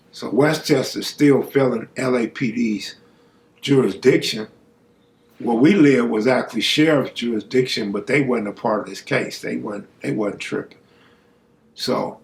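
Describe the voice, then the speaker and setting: A man with a medium-pitched, slightly bright voice hosts a stream, recounting a true story in casual, profane street language. When he quotes people, his volume goes up. The recording has room echo and a faint background hum.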